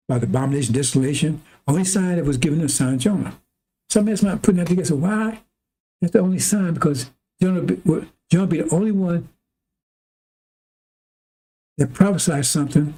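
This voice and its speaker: A husky man with a mellow, darkish tone and a fairly high voice. He preaches in loose, rambling talk to his listeners, and at times breaks into loud, animated acted-out dialogue. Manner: animated, acts out arguments with God in a raised voice. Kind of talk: rambling sermon.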